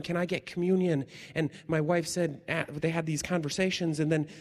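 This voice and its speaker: A man pastor preaching a sermon, telling stories with energy and dropping to hushed, slow tones for emphasis. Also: fairly high pitch, in a large hall.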